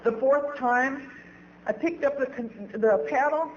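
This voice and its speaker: A woman's voice: sits high, slow, dull audio, a little hiss or hum. Candid woman telling recovery story. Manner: candid, self-mocking, laughs at own stories. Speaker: recovery meeting speaker. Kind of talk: personal storytelling talk.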